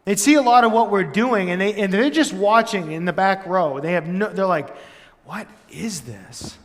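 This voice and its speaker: Animated high-voiced man preaching. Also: fairly quick. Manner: animated, storytelling, lots of "like" and "right?". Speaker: pastor. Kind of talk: casual conversational sermon. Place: church hall. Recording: long church-hall reverb.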